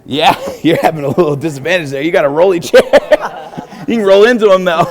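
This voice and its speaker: A man's voice: high-pitched, brisk. Upbeat young Texan man coaching a class. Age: young adult. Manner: upbeat, encouraging, laughs often. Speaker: martial arts instructor. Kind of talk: live self-defense class. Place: church hall.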